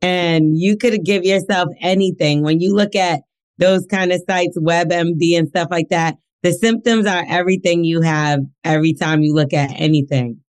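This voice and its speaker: A woman's voice: on the low side, fairly even intonation, normal speed, clean tone. A woman co-hosting a podcast, teasing her co-host in casual chat and laughing easily.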